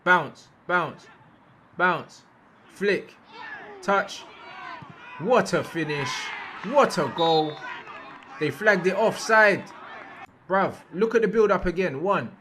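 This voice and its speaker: A young man giving casual, slangy reaction commentary over football footage, repeating phrases and breaking into loud outbursts at big moments. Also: high voice, expressive, takes it slowly, long pauses, slight background noise.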